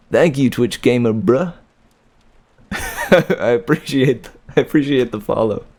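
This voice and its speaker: A man's voice: mid-range voice, lively intonation, takes it slowly, long pauses, a little mellow. A man streaming a novel reading who chats easygoingly with his viewers, laughing often and repeating words as he talks. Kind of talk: casual chat with live chat.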